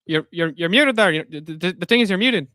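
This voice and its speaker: A man's voice: sits high, expressive, fairly quick, bright, forceful tone, dry recording, studio quality. A man bantering in voice chat during a debate, rambling and looping back on his filler phrases. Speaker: debate participant.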